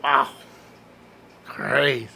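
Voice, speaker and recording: A man's voice: medium pitch, extremely slow, vocal fry, sharp tone, a little hiss or hum. A man chatting casually in a vlog as he shows off a comic book haul, enthusiastic and laughing at his own jokes. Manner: enthusiastic, exclaims over covers.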